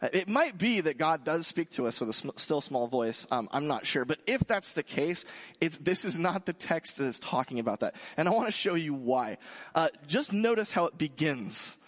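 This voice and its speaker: Guy pastor giving a chatty sermon, kinda high voice, long hall echo. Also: big pitch swings, moderate pace. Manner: conversational, jokes with the congregation.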